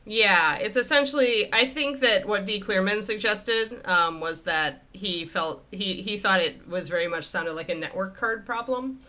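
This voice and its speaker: Painting miniatures on a home livestream, this woman speaks at medium pitch with a pushed, bright quality, keeping a measured pace and few pauses. Her casual chat is rambling and self-amused, with laughter, picked up by a face-level desk USB mic.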